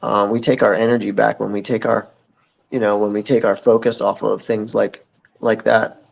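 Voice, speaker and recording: A man as a guest in a casual interview chat, speaking in a reflective, unhurried way with many fillers. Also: on the low side, flat delivery, creaky. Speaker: podcast guest. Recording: dull lo-fi audio.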